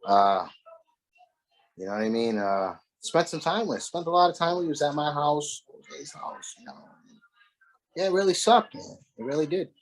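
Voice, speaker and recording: A man who is a former wrestler, telling profane stories in a casual interview with an animated, laughing manner. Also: fairly high pitch, moderate pace.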